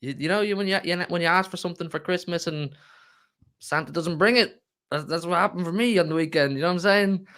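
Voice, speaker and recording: Rambling, halting man on a panel. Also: high voice, fairly bright tone. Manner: rambling, halting, self-deprecating. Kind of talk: casual chat.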